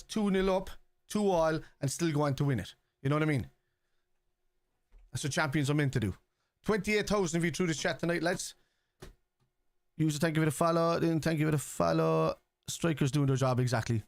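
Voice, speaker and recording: A man's voice: a little high, no echo. A man with a Scouse accent, hosting a football watchalong live stream, reading viewers' chat aloud and answering it in a casual, chatty way.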